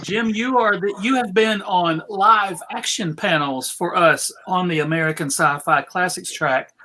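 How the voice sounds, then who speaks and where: A man hosting a video-call panel, introducing guests in a playful, drawn-out way. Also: high voice, sharp tone, a little hiss or hum. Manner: slow, playful, drawn-out phrasing. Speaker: panel host. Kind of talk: casual video panel chat.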